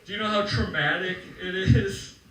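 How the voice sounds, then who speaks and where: A man's voice: high voice, wildly swooping pitch, moderate pace, recorded from a distance. Young man doing stand-up in an echoey club. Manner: joking, loose, chatty with the crowd. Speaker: stand-up comedian. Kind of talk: stand-up set. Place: comedy club stage, crowd laughing. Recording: roomy live club sound from afar.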